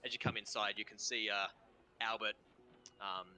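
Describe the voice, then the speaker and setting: A young Australian man narrating as game master over an online call, halting with frequent fillers. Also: fairly low pitch, fairly even intonation, sharp tone, poor audio. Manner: halting, full of ums and kind-ofs.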